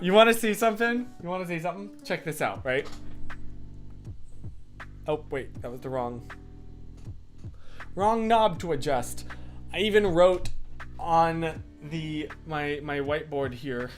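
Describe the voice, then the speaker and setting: A young man hosting a casual live stream from his room, reading viewer comments and rambling with lots of restarts. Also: fairly high pitch. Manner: rambling and chatty, full of restarts and fillers. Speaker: livestream host. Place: home room with a whiteboard.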